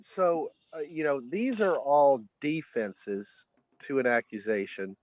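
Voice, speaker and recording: A man's voice: mid-range voice, sing-song, takes it slowly, a little mellow. A man asking earnest, probing questions in a conversational interview.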